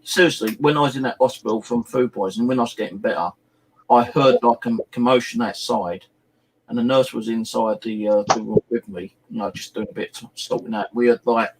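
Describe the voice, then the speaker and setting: A man's voice: medium pitch, steady tone, fairly quick, slight background noise, rough recording. A middle-aged man chatting casually on a live stream, rambling through stories and swearing freely. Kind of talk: casual chat.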